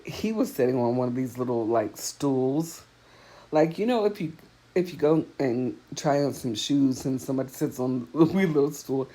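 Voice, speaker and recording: A woman speaks straight to her viewers, telling a story in a loose, chatty way. She laughs often, and her pitch leaps upward whenever she reaches a punchline. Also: mellow, rough recording. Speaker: vlogger. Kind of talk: casual storytelling to camera.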